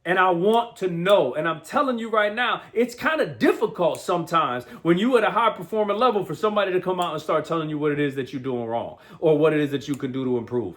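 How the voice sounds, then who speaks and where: A man with a fairly high voice gives a motivational talk as host. He speaks with energy and street slang, and he often stops to repeat words or check in with "right?". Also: fast talker, hardly any pauses, a bit bright.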